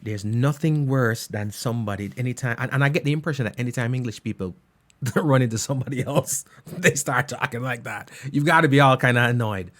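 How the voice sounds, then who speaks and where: A man's voice: medium pitch, fairly quick, fairly bright tone. A man hosting an online music show, chatting casually and keeps asking "you know what I mean". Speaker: online radio show host. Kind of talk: casual chat.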